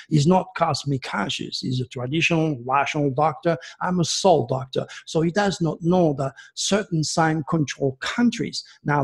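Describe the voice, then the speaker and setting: Gravelly man, rambling astrologer. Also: on the high side, darkish tone. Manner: emphatic, digressive explaining. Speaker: astrologer guest. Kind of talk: rambling radio interview talk.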